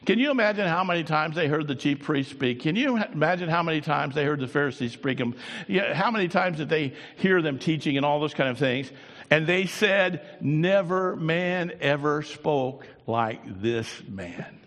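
A man preaches in a sanctuary, his slightly high voice rising and falling in lively swings. He lingers softly on some lines and calls out others. A long reverb trails every phrase. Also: fairly quick. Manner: animated preaching, swinging from quiet to loud. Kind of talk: sermon.

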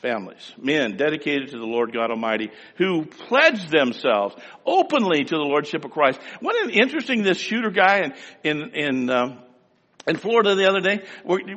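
A man preaching a sermon, telling folksy stories and building to fervent, loud exhortation. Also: a little high, big pitch swings, moderate pace, big-room sound.

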